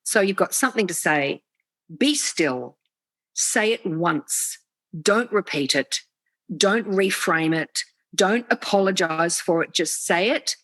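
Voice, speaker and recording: A woman speaking as an executive coach in an interview, explaining with animation and slipping into quoted inner voices. Her voice sits fairly low. The video call audio is close and dry. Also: lively intonation, slow pace, fairly bright tone, dry recording, rough recording.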